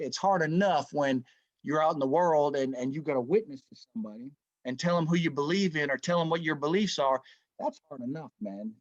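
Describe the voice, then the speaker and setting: A man's voice: medium pitch, no room sound, muffled recording. A middle-aged man leading a Bible study in a casual, folksy way, often tagging lines with "man" and "right?".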